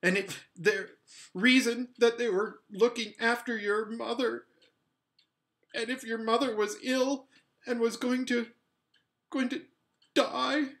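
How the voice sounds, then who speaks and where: A man's voice: a little high, big pitch swings, normal speed, bright, forceful tone, exaggerated voice. A man reading an audiobook, voicing an upset, blunt young schoolboy in an indignant, tearful manner. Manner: indignant, then tearful and pleading.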